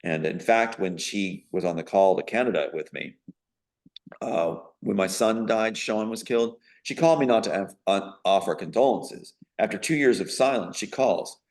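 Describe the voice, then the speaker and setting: Indignant man with a lowish voice. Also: moderate pace, a little mellow. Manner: emphatic, indignant, with frequent fillers. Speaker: interview guest. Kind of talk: rambling personal account in an interview.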